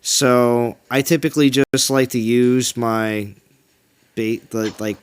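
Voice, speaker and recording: Male stream host, casual gaming chat, upbeat and a bit repetitive, mid-pitched. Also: steady tone, slow. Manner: upbeat, reads out chat and repeats himself.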